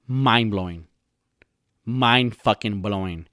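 A man's voice: fairly low pitch, takes it slowly, sharp tone, no room sound. Young male podcast host, foul-mouthed, rambling mockery, dry close sound. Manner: profane, rambling, mocking. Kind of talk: solo podcast rant.

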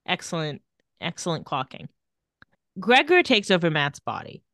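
On a podcast, a woman with a lowish voice co-hosts at a normal pace, casually recapping a TV episode. She's animated and acts out characters' lines in put-on voices. The recording is dry, with clean studio sound.

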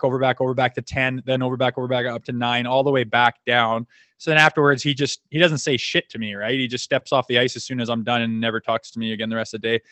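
A man's voice: mid-range voice, no room sound. Profane storytelling man, dry sound. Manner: profane, animated anecdotes acting out quoted dialogue. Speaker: podcast guest, former hockey enforcer. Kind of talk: casual storytelling chat.

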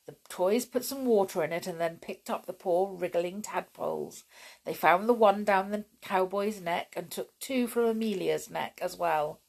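Middle-aged lady reading kids' stories, lively and chatty, cosy. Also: lowish voice, moderate pace, gravelly. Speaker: storyteller. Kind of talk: children's story reading and chat.

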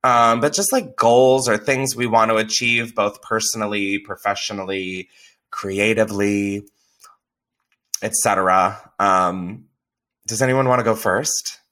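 A man's voice: fairly low pitch, steady tone, unhurried, pushed and bright. A man hosting a podcast in casual, candid chat, swearing freely and filling his talk with "like". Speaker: podcast host.

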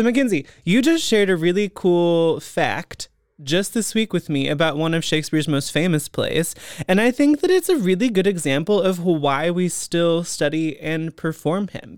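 A man's voice: fairly high pitch, smooth, dry recording, studio quality. A young man in his twenties hosting a podcast, upbeat and playful in casual chat. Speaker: podcast host.

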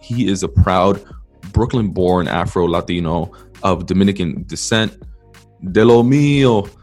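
A man hosting a podcast, reading a brisk, plain introduction to the episode. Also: sits low. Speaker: podcast host.

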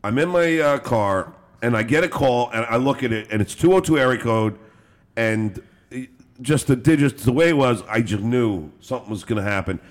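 A man hosting a podcast, telling a story in a laughing, rambling, animated way with swearing and restarts. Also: medium pitch, moderate pace. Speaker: podcast host. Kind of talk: casual storytelling chat.

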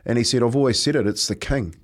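A man's voice: mid-range voice, fast talker. A middle-aged man, co-hosting breakfast radio and telling stories with frequent laughs. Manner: chatty storyteller, laughs often. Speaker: radio co-host. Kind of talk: casual breakfast radio banter.

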